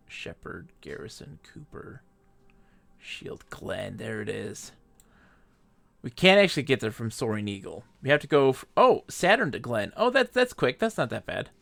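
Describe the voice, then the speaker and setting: Goofy, lively-voiced male streamer. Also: medium pitch, normal speed, vocal fry, no echo. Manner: goofy and playful, chanting silly repetitions; rambling, self-deprecating asides. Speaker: streamer playing a space game. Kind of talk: casual live-stream commentary.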